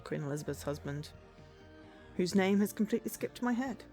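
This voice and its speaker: A woman's voice: medium pitch, expressive, fairly quick, dark tone, soft background music. A woman in her thirties, a streamer chatting casually and rambling between tangents while she plays. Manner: rambling, chatty, self-deprecating. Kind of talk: casual chat while livestreaming a game.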